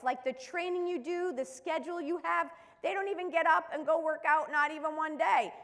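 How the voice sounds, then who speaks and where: A woman mental skills coach delivers an emphatic, preaching motivational talk, firing off rhetorical questions at her listeners. Her voice sits high and carries a long reverb tail, as in a big hall. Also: fairly bright tone. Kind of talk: motivational live-stream talk.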